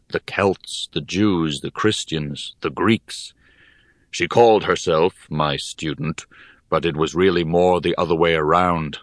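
A man voicing a wise older male poet and scholar, speaking in a slow, measured, solemn way in an audiobook. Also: low voice, fairly bright tone, no room sound, studio quality. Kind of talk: audiobook character reading.

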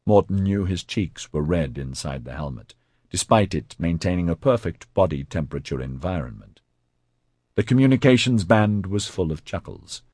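A man narrating an audiobook in an expressive, scripted reading. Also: low voice, moderate pace, no room sound, studio quality.

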